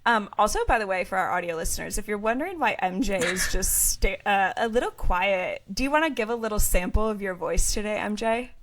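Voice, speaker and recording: A woman's voice: medium pitch, expressive, brisk, hardly any pauses, fairly bright tone, a little hiss or hum. Bubbly young woman co-hosting a podcast. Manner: bubbly, playful, heavy use of filler 'like'. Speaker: podcast co-host. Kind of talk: casual chat.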